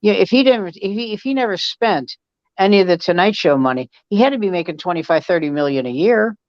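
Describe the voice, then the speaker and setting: A man's voice: high-pitched, expressive, fast talker, no room sound, muffled recording. Older man telling comedy stories. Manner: anecdotal, acts out dialogue. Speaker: host, comedian. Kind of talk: casual storytelling chat.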